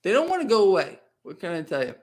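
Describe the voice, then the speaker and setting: A man's voice: high-pitched, wildly swooping pitch, fast talker, darkish tone. A man hosting a casual live stream, chatting in a rambling way and reading viewer comments aloud.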